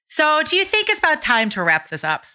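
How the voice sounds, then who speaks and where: Bright, bubbly woman interviewing. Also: sits high, wildly swooping pitch, a little fast. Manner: bubbly, effusive, chatty. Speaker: podcast co-host and interviewer. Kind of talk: casual podcast interview.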